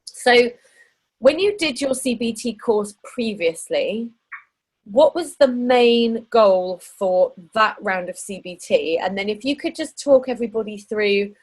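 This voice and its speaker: A woman hosting a podcast and coaching her guest in casual interview chat, chatty and quick to laugh. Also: fairly high pitch, slightly rough, poor audio. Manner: chatty, laughs often, animated.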